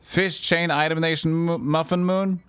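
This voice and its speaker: A man's voice: on the high side, fairly even intonation, moderate pace, fairly bright tone, clean tone, no echo, soft background music. A man streaming a retro game, reading and puzzling aloud, swearing freely. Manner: swears, plays silly voices. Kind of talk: casual game commentary.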